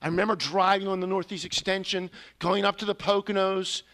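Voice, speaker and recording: A man's voice: sits high, level tone, fairly quick, a bit bright. A man preaching a sermon, telling a personal confession in an earnest, storytelling way with sudden emphatic rises. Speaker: pastor.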